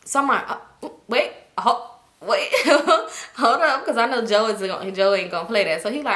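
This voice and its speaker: Young woman vlogger, chatty storytime, bright tone, echoey room. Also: fairly high pitch, normal speed. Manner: animated, acts out quotes. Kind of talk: casual storytelling.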